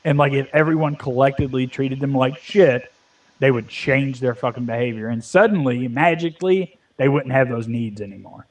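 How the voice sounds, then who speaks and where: A man's voice: mid-range voice, moderate pace. Profane ranting man. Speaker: Minecraft let's play co-host. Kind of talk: casual gaming chat. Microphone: headset or desk mic, volume fading at times.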